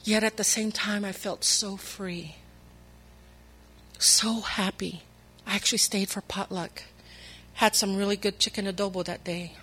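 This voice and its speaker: A woman's voice: medium pitch, fairly even intonation, measured pace, pauses often, sharp tone, slight background noise. A woman telling a personal faith testimony in an earnest, emotional way, acting out the voices of people she quotes. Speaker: speaker sharing her testimony.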